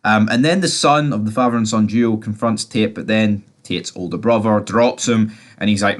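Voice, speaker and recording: A man's voice: on the low side, normal speed. A young man giving a casual, chatty recap and review of a TV episode, full of fillers and the odd swear word. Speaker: TV series reviewer.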